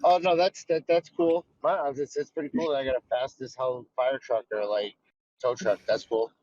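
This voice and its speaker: A man's voice: mid-range voice, normal speed, no echo, muffled recording. American man calling in from his car. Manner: animated, stumbling. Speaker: caller from the audience. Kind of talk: casual chat. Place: in a car while driving.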